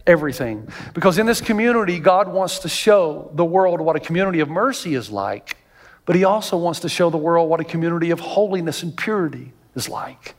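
A man preaching a sermon as pastor, telling stories in an animated way and acting out the voices of the people in them. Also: on the high side, a little fast, long reverb tail. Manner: animated storytelling, acts out quoted voices.

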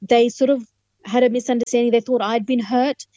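In a muffled, dry recording, a middle-aged woman lawyer, guesting on an interview, brings her personal testimony to life by acting out people's words. Her pitch is fairly high and her tone steady and dark, and she moves at a brisk pace.

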